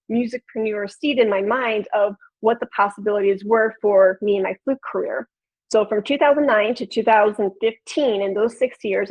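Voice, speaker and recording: A woman's voice: mid-range voice, darkish tone. A woman in her thirties from Chicago, with a nasal Chicago accent, giving an upbeat, conversational online presentation to an audience. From Chicago, USA. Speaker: podcast producer and flutist presenter. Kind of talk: webinar presentation. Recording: lo-fi video call audio.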